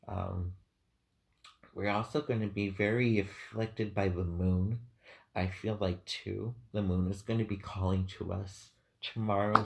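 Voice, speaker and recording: Male tarot reader, unhurried and halting, with a gravelly low voice and an emotional, choked-up delivery. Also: a little mellow. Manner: hesitant, many ums, heartfelt and emotional. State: teary-eyed. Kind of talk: unscripted tarot reading monologue.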